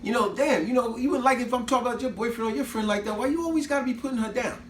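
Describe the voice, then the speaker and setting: A man voicing a feisty, fiercely loyal young woman who talks loud, indignant and slangy. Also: fairly high pitch, animated, a little fast. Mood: defiant. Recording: roomy echo, faint background noise.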